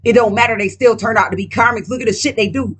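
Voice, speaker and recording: A woman's voice: on the high side, fast, husky. A woman vlogger talking casually while reading tarot cards, profane and emphatic, rambling and speaking straight to her viewers.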